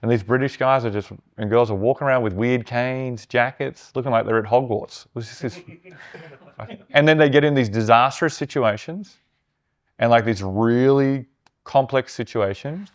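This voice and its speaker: A man, a startup founder, telling animated stories in casual conversation, swearing and mimicking others' voices. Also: medium pitch, normal speed. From Australia.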